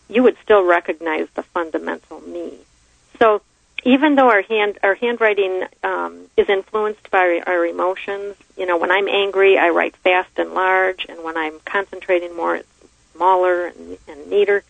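A woman's voice: lowish voice, creaky, dry recording. A woman who analyzes handwriting, a guest on a radio show who explains reflectively with everyday examples. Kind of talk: radio interview by phone. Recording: tinny phone line.

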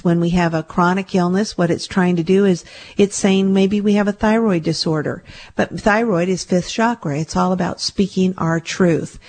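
Earnest, low-voiced woman healer host. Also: darkish tone. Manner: earnest, repetitive, reassuring. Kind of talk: spiritual self-help radio talk.

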